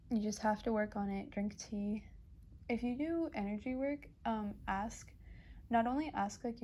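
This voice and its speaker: A woman's voice: on the high side, dark tone, a little hiss or hum. A young woman giving a casual pick-a-card reading as a tarot reader, chatty and rambling with many fillers and restarts. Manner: emotional, gushing.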